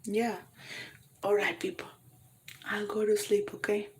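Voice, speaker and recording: A woman's voice: mid-range voice, little pitch movement, unhurried, a little hiss or hum. A Colombian woman with a Colombian accent chatting casually on a livestream, answering viewer comments and switching between English and Spanish. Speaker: livestream vlogger.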